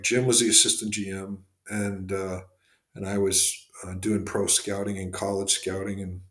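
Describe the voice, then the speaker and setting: A man speaks as a podcast guest, his voice sitting on the low side. He tells long stories in a loose, rambling way, full of fillers and restarts. The room around him has a noticeable echo. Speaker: guest, former hockey executive and scout. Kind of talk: casual podcast interview storytelling.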